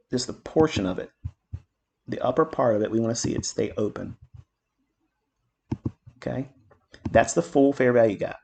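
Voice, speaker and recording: A man's voice: mid-range voice, vocal fry. Middle-aged guy going over trades, blunt, swears a lot, gets worked up and brags, voice sits mid-range. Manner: blunt, profane, boastful, heated asides. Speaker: trading mentor. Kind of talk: market commentary lesson.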